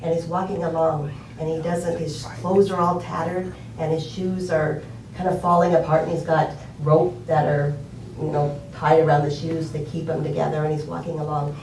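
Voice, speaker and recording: A woman's voice: low voice, little pitch movement, moderate pace, darkish tone, roomy sound, recorded from a distance, slight background noise, poor audio. An older woman telling an inspirational story in a conversational way, with fillers and emphatic repetition. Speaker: speaker.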